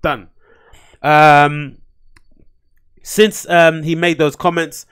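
A man's voice: on the high side, little pitch movement, very slow, a bit bright, smooth. Heated, profane man ranting solo. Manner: blunt, profane, rambling, heated. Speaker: podcast host. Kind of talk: casual solo rant.

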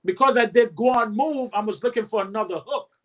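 Brisk and high-pitched, this man in his 50s tells his story as a recording artist in an interview, animatedly acting out what others said and humming beats along the way.

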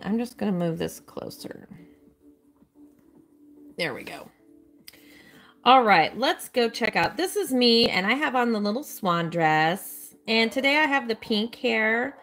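A woman with a fairly high voice chats her way through a live gameplay stream. She gushes and squeals over cute little details, apologizes a lot and greets her viewers one by one. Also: fairly bright tone. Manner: chatty and gushing, squeals over cute things; apologetic, reads out chat names. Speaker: live streamer playing a kids' game.

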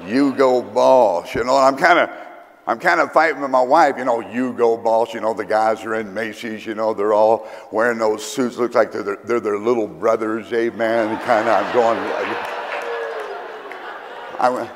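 A male pastor from Kentucky with a Southern accent, telling rambling, humorous stories in a sermon, often pausing with fillers. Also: lowish voice, steady tone, slight background noise. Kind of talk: storytelling sermon. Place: church sanctuary. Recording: reverberant church hall.

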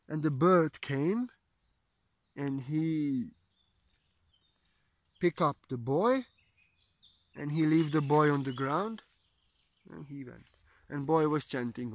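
A spiritual teacher telling a religious legend in digressive, simple broken English, often saying "you know". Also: male voice, on the high side. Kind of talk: spiritual storytelling talk.

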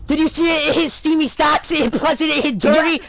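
A man hosting a gaming stream, shouting in frantic excitement while his voice goes hoarse from yelling. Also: very high voice, fairly quick. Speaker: gaming channel host. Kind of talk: excited live game commentary. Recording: loud game music and crowd noise.

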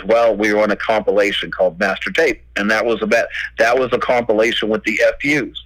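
With a fairly low pitch and no room sound, this low-quality clip captures a middle-aged record label owner swapping stories as a podcast guest. He acts out what people said, swears liberally, and keeps the casual interview lively.

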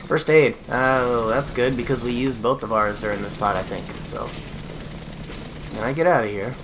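A man giving let's play commentary on a horror game, swearing and yelling taunts at the enemy. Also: medium pitch, moderate pace, noisy background. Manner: profane, yells taunts at the enemy. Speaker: gaming video host.

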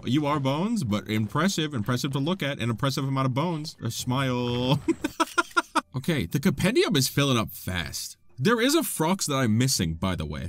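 A man giving playful, excitable gameplay commentary as a gaming YouTuber, chatting to the monsters on screen. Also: medium pitch.

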